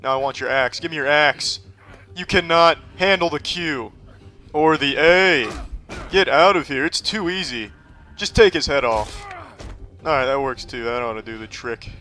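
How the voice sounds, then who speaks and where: A man's voice: fairly high pitch, normal speed, pushed and bright. A man giving crude, sarcastic gameplay commentary and talking trash to the enemies in the game. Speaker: gaming commentator.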